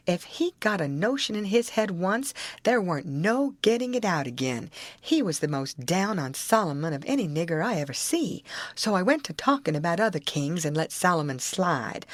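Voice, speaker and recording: A woman narrating an audiobook in a measured storytelling manner. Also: on the low side, no echo.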